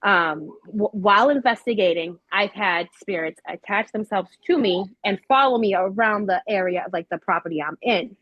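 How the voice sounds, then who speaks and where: A woman's voice: mid-range voice, normal speed, hardly any pauses, no room sound, muffled recording. Chatty woman telling ghost stories. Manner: animated, acts out quoted voices with many fillers. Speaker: paranormal investigator. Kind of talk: casual storytelling.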